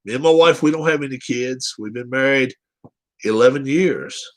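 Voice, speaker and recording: A man's voice: medium pitch, normal speed. A man hosting a casual live chat show, reading viewer comments aloud and teasing them with frequent laughs.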